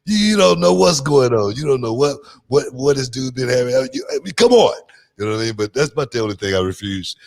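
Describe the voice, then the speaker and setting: A man's voice: mid-range voice, big pitch swings, fast, creaky. A middle-aged man, a podcast host telling stories in a laid-back, drawling way full of slang. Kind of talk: casual chat.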